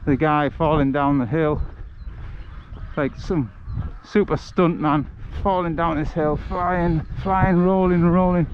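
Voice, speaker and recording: Man, slow relaxed chat, jokey storyteller, livestreamed countryside walk, slightly high voice, faint outdoor noise. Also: lo-fi sound. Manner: chatty, jokey storyteller who laughs at his own stories. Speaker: travel livestreamer.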